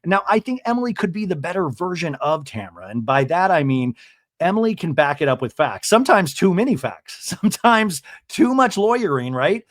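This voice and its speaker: A podcast host recaps a reality-TV episode in an animated, chatty way, often asking listeners "right?" His voice sits high and moves at a moderate pace, recorded at studio quality with no echo.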